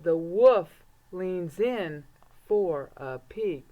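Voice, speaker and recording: A woman's voice: fairly low pitch, animated, narrow, tinny audio. A woman reading a rhyming picture book aloud to children, building suspense with whispers and bursting into cheers. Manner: slow, dramatic, suspenseful, swings to whispers and cheers. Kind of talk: storybook read-aloud for children.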